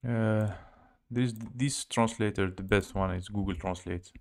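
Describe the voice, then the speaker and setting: A man with a Russian accent teaching a live language lesson, halting and searching for words as he spells out letters. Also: lowish voice, fairly even intonation, a little mellow.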